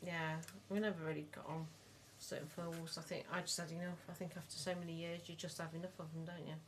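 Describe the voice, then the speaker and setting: A middle-aged woman, co-hosting a casual podcast and telling long, animated stories. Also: lowish voice, fast, a little hiss or hum. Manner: rambling, animated storyteller. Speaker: podcast co-host, mother of the other host. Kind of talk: casual chat.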